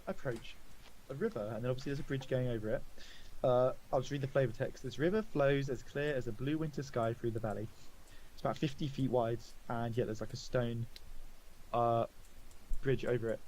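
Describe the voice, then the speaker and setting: A man's voice: mid-range voice, brisk, a little mellow, slight background noise, low-quality recording. A man narrating as game master in a tabletop game, hesitant and full of fillers. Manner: hesitant, filler-heavy, laughing often.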